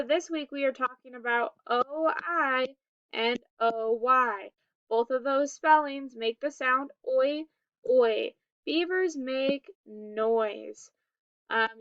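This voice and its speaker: Teaching phonics to young children, a woman speaks in a high, smooth, bright voice. Each word prompt comes slowly and deliberately, carefully enunciated, and the audio sounds a bit dull, like a lo-fi home setup.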